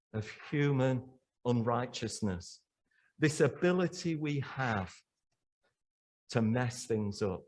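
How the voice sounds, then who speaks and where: A man preaching a sermon in church, emphatic and full of rhetorical questions to the congregation. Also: mid-range voice.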